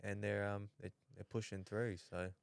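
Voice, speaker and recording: A young Australian man talks through his story in a casual, halting way, circling back and restarting often. His low voice is smooth and resonant. The room sounds close and dry. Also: little pitch movement, no room sound. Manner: halting, many restarts and fillers. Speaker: podcast guest. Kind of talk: casual chat.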